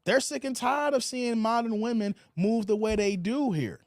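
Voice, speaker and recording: A man's voice: very high-pitched, normal speed, dry recording, studio quality. A man hosting a livestream commentary, preachy and repetitive, often tacking "man" onto his lines. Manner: preachy, repeats phrases, drawls "man". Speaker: commentary channel host.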